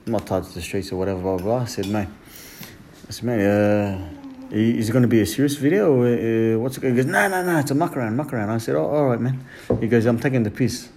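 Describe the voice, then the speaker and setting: A man, a podcast guest with Fijian roots, chatting in a relaxed way and tacking "man" onto his sentences. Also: on the low side, a little hiss or hum. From Fiji. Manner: relaxed storytelling, says "man" a lot. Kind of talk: casual podcast chat.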